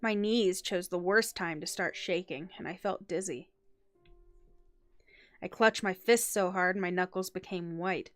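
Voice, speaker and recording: A woman streamer reading a first-person story aloud with an expressive, dramatic delivery. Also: fairly low pitch, soft background music. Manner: expressive, dramatic reading with quick laughing asides.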